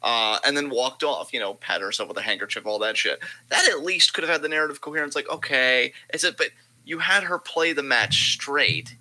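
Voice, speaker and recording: A man co-hosting a casual wrestling commentary podcast, talking in an animated, sarcastic way and swearing freely. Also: mid-range voice, fairly quick, rough recording. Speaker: podcast co-host.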